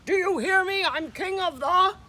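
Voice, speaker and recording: Big Bark: boastful male prairie dog watchdog, barking loud commands, read by a woman. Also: very high-pitched, fairly even intonation, extremely slow, slight background noise, voice pushed up, exaggerated voice. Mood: snarling.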